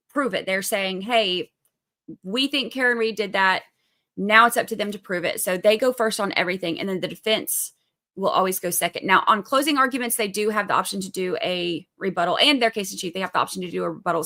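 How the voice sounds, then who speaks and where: A woman's voice: mid-range voice, bright, forceful tone. A woman with a Southern accent from Georgia, hosting a trial livestream in a chatty, upbeat way, reading viewer comments and explaining court steps plainly. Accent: Southern American (Georgia). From Georgia, USA. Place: indoors, away at the beach this week.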